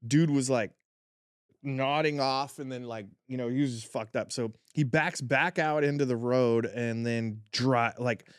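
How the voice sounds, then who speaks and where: A man's voice: mid-range voice, measured pace, smooth, no room sound, clean studio sound. A man, a tattoo artist, telling a wild story in casual chat, swearing freely and full of fillers. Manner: animated, profane, lots of fillers.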